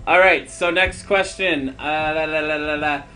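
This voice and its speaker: Male streamer, casual gaming chat, laughs a lot, fairly high voice, faint music behind. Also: fairly even intonation, moderate pace, bright, forceful tone. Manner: laughs often, playful quiz-style questions. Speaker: live streamer and host.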